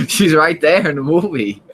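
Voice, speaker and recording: A man co-hosting a casual live show, talking in a halting way with frequent fillers and restarts. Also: on the high side, lively intonation, vocal fry, a bit bright, a little hiss or hum, poor audio. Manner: halting, lots of uh and you know, restarts. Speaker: co-host. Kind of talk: casual chat about comics and TV.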